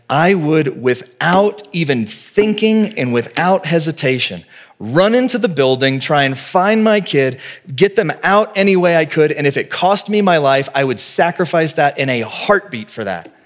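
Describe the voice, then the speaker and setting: A man's voice: on the high side, expressive, moderate pace. A man in his forties, a pastor giving a sermon in a conversational, earnest way, telling vivid stories and speaking plainly to the congregation.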